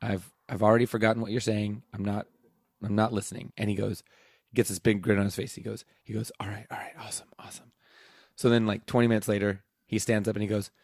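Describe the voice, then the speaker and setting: Male teacher, low-ish voice, casual rambling storyteller, dry sound. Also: level tone, quick pace, creaky, darkish tone, no room sound. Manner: rambling, laughing mid-story, acting out dialogue. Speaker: teacher and podcast host.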